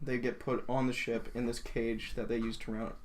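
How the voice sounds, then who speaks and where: A man rattles off an action sequence beat by beat, voice at an ordinary middle pitch, barely stopping for breath. A light hiss of noise sits under the recording. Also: little pitch movement. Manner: breathless, fast scene retelling with laughs. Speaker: panel guest. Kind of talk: casual group debate.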